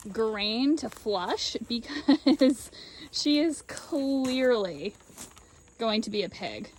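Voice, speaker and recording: A woman's voice: a little mellow, a little hiss or hum. Chatty woman vlogging among her sheep. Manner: chatty, coaxing animals in a high sing-song. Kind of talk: casual farm vlog. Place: outdoors in a sheep pen. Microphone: handheld camera while working.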